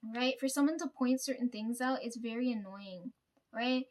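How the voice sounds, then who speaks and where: A woman's voice: a little high, normal speed, darkish tone. A young woman from Canada, venting in a casual monologue, blunt and swearing a lot, tagging sentences with "right?". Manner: blunt, heavy swearing, constant "right?" tags. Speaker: vlogger.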